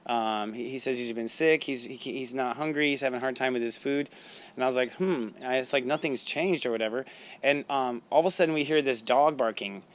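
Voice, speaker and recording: A man hosting a spiritual talk show, telling stories in a chatty, animated way, acting out quotes and laughing often. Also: medium pitch, brisk. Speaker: podcast host. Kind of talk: casual storytelling monologue.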